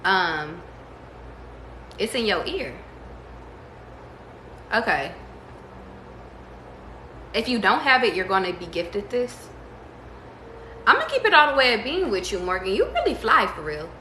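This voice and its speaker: Bright, slangy woman tarot reader. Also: medium pitch, measured pace, long pauses, reverberant, a little hiss or hum, rough recording. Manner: slangy and profane, bursts into excited squeals. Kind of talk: casual tarot reading.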